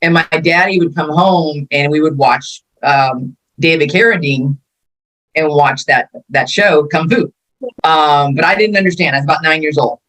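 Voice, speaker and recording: A woman's voice: low-pitched, moderate pace, fairly bright tone, poor audio. A woman in her fifties from California, a martial arts instructor telling her life story in a casual interview, acting out the quotes as she goes. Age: 50s.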